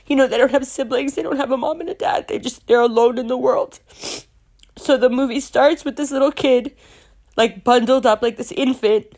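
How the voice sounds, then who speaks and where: A woman's voice: on the high side, darkish tone. A young adult woman from Pakistan telling a personal story, candid and emotional, swearing freely and laughing through tears.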